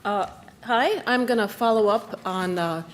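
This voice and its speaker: A woman giving a brisk conference talk, getting to the point with a few hesitations. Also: mid-range voice, slight background noise. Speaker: conference presenter.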